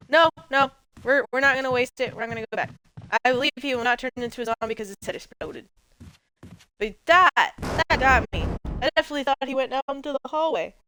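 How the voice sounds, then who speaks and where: A woman's voice: fairly high pitch, pushed and bright, poor audio. A woman giving let's play commentary as a gaming host, chatty and jokey and rambling as she plays.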